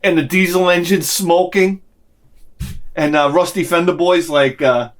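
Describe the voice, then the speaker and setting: A middle-aged man riffs in a casual comedic monologue, ranting with real animation and acting out bits in other voices. His voice sits a little higher than most men's. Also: fairly even intonation, measured pace. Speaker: vlogger.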